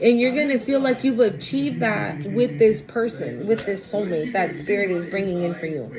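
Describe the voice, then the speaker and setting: A woman's voice: medium pitch, moderate pace, crowd noise, poor audio. A woman giving a casual tarot reading, blunt, emphatic and full of swearing. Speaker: tarot reader.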